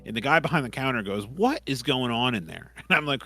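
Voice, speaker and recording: Male podcast co-host, mid pitch, bright, lively anecdote teller, foul-mouthed. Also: fast talker, husky, faint music behind. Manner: animated storyteller, swears freely. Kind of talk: casual chat.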